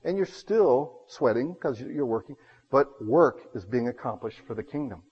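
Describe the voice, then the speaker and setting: A man preaching a sermon, telling homey stories and swinging between loud bursts and hushed asides. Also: medium pitch, animated, moderate pace, breathy edge, big-room sound, muffled recording.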